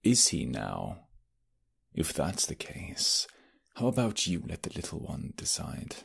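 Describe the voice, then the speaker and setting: A man's voice: rumbling low, huge pitch swings, slow pace, creaky, fairly bright tone, husky, exaggerated voice. A man voicing a sly, smug British nobleman rival who taunts and threatens in an audio role-play.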